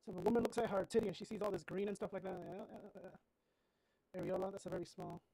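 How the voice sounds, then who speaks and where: A woman's voice: mid-range voice, steady tone, fast, creaky, dark tone, rough recording. A woman streaming a game, giving casual commentary in a blunt way and swearing freely.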